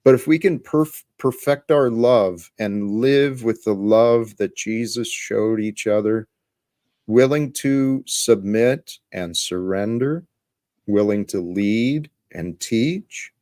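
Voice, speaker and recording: Slow, earnest preaching man. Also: mid-range voice, dry recording, studio quality. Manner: earnest, preacherly, slow and deliberate with excited rises. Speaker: host. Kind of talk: livestream faith talk.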